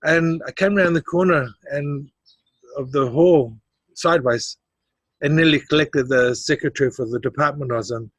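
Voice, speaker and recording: A middle-aged man with a slightly raised pitch tells his story as an interview guest, acting out other people's voices as he goes. His delivery is animated and punctuated by laughs. The sound is dry and close, with no room echo. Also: normal speed.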